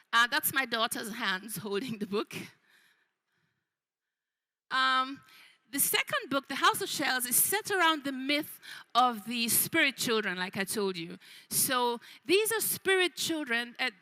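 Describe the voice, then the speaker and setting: A woman's voice: high voice, pushed and bright, low-quality recording. A woman author giving an unscripted talk about her children's book, with frequent ums and restarts. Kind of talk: book fair talk to an audience.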